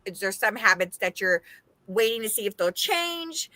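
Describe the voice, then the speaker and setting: A woman's voice: mid-range voice, normal speed, no room sound. A middle-aged woman from the Las Vegas area, casually chatting as a podcast co-host and acting out what people said. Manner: animated, acts out quoted voices, laughs often. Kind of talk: casual chat.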